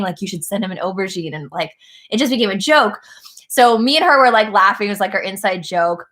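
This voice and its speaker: A woman's voice: medium pitch, fairly bright tone. A woman hosting a casual birthday livestream, chatty and giggly, telling stories with plenty of fillers.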